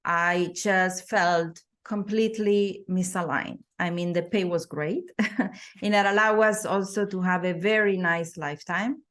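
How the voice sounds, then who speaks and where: A woman's voice: lowish voice, steady tone, unhurried, a bit bright. A middle-aged woman sharing her personal story as a podcast guest, thoughtful, with frequent fillers and restarts.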